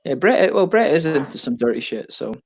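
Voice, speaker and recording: A man's voice: a little high, big pitch swings, a little fast. A man hosting a casual beer chat on a video call, chatty and laughing often. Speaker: beer reviewer host.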